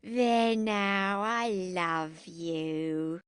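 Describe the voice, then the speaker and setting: A woman voicing a drunk, drowsy and clingy woman who drawls her words out slowly. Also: medium pitch, flat delivery, smooth, no echo, studio quality. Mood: drowsy doting.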